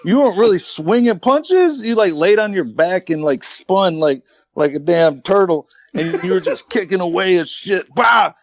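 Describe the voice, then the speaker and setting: A man co-hosting a podcast who tells army stories in a rambling, profane, animated way. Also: sits high, moderate pace, hardly any pauses, dry recording. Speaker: podcast co-host, army veteran. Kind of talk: casual storytelling chat.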